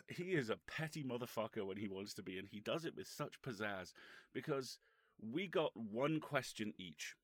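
Low-voiced guy rambling through a sweary story, dry-sounding, wry. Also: expressive, moderate pace, dry recording. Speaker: podcast co-host. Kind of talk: casual anecdote telling.

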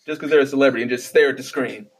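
A man's voice: mid-range voice, steady tone, rapid-fire, husky. A man delivering a profane, exasperated comedic rant with stammering restarts. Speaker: vlogger ranting.

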